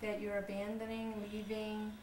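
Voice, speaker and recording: A woman's voice: mid-range voice, monotone, normal speed. Soothing woman coaching from a distance. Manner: soothing, coaxing, repeats short instructions. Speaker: energy healing practitioner. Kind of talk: guiding a live treatment session. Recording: echoey room from far off with loud background noise.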